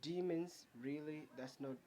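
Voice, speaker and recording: A man's voice: a little high, fairly even intonation, a little slow, dark tone, lightly acted. A man voicing a mocking male demon invader who sneers at his foes, read out while reviewing a comic. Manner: taunting, sneering.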